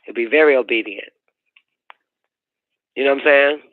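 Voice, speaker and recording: A man's voice: medium pitch, normal speed, no room sound. A man hosting a call-in radio show, delivering a profane, preachy monologue and repeating his points. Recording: dry, narrow phone-like sound.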